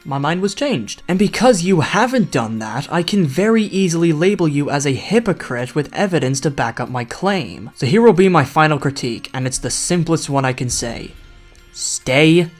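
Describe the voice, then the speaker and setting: A man's voice: a little high, animated, fairly quick, few pauses, faint music behind. Sarcastic young man critiquing online. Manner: sarcastic, mocking asides. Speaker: YouTube critic. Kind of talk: scripted video critique.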